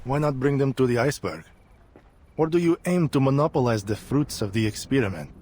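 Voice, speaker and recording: A man's voice: mid-range voice, fairly quick, a little mellow, lightly acted. A man voicing a ruthless, ambitious male army general who talks in a curt, threatening way in a game. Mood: hard. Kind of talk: game voice acting.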